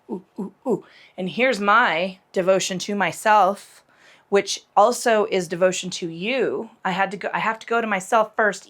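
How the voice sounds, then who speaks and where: A woman's voice: medium pitch, a bit bright. A woman leading a casual yoga class, calling out poses and breath cues between profane rants, sometimes dropping to a whisper on a cue. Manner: profane, ranting, cues moves between tangents; cues some moves in a whisper. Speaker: yoga instructor.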